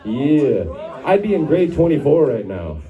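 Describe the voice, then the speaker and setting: A man's voice: a little high, big pitch swings, unhurried, phone-quality sound. A man fronting a band, cracking rambling jokes with the crowd between songs at a live bar show. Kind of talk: on-stage banter between songs. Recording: distant room mic over crowd and band.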